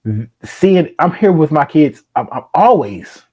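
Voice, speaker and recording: A middle-aged man hosts a relaxed interview, his voice sitting a little high for a man. He tells stories with lively slang and breaks into laughter, then drops back into easy, casual questions. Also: a little slow, breathy edge, low-quality recording. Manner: animated storyteller, slangy and laughing. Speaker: podcast host.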